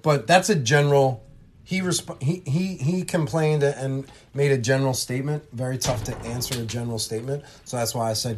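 A man's voice: medium pitch, fairly quick, slight background noise. A man co-hosting a podcast, explaining officiating in a casual, coaching way. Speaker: podcast co-host, basketball referee. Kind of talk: casual instructional chat.

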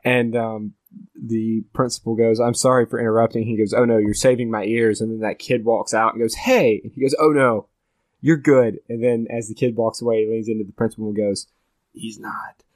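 A man's voice: medium pitch, little pitch movement, brisk, dry recording. A teenage boy hosting a podcast, chatting casually and thoughtfully about a movie, rambling with many restarts. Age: teens. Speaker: podcast host. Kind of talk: casual movie review chat.

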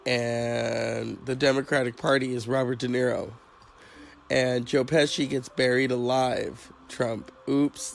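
Gravelly man rambling crudely. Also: mid-range voice, low-quality recording. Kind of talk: casual chat.

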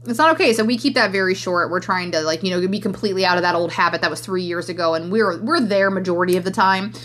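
A woman's voice: on the low side, steady tone, fast, a bit bright. A woman in her thirties hosting a podcast, talking candidly and emotionally in a rambling way, full of fillers. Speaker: podcast host and coach. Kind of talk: casual solo podcast monologue.

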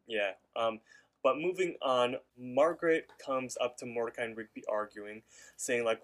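A man's voice: mid-range voice, moderate pace, fairly bright tone. A man co-hosting a podcast, loosely retelling a cartoon episode with lots of fillers. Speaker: podcast co-host. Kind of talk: casual episode recap.

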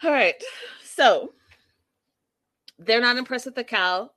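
A woman's voice: a little high, takes it slowly, no room sound. A woman giving a casual, sassy commentary recap to her viewers, calling them y'all and acting out what people said. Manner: animated, sassy, addresses viewers as y'all, acts out quotes. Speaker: reality TV recap vlogger.

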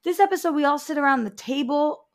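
A woman co-hosting a casual podcast chat, blunt and animated, swearing freely. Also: high voice, fast. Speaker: co-host.

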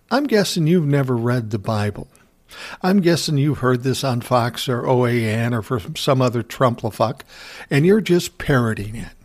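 A man's voice: mid-range voice, darkish tone. Guy ranting about some encounter, sarcastic and swearing a lot, regular mid voice. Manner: profane, sarcastic storytelling. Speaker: commentary host. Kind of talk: casual ranting monologue.

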